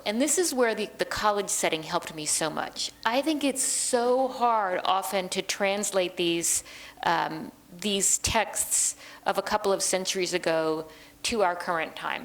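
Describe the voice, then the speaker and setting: A woman translator and librettist talking through her craft in a relaxed interview, thoughtful and chatty, often pausing with ums. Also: mid-range voice, creaky, rough recording. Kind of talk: conversational interview.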